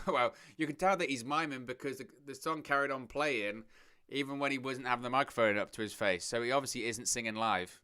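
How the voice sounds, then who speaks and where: A man's voice: medium pitch, brisk, pushed and bright, clear, resonant tone. A man hosting a live watch-along stream, chatting casually, thinking aloud and talking to his viewers. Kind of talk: live watch-along commentary, reading chat.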